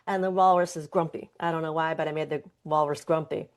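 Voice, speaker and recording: Low-voiced woman hosting a wellness podcast. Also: fairly even intonation, fairly quick. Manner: earnest, conversational, with occasional laughs. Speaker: podcast host and yoga teacher. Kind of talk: reflective wellness talk.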